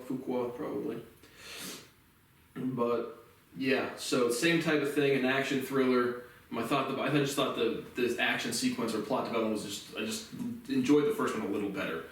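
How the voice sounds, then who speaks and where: A man giving a casual spoken movie review, rambling and relaxed, often restarting his sentences and swearing casually. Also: mid-range voice. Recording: very echoey room, distant mic.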